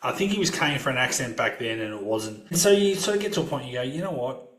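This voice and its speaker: A man's voice: mid-range voice, very animated, fast talker, fairly bright tone. A man co-hosting a casual film podcast, talking in a rambling way with many fillers and restarts. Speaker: podcast co-host. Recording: roomy echo.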